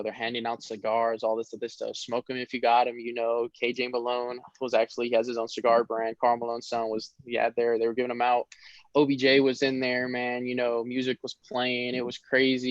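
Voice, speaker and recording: A young man, a college football player, talking casually in an interview, relaxed and rambling with many fillers. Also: mid-range voice, fairly quick, no room sound. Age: young adult. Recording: dull lo-fi sound.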